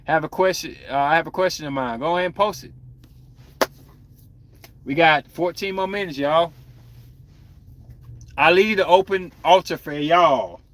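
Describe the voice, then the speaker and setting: Bright-voiced man chatting candidly. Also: a little high, unhurried, long pauses, a little hiss or hum. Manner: candid, rambling, talks to viewers. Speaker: podcast host. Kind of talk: casual live-stream chat.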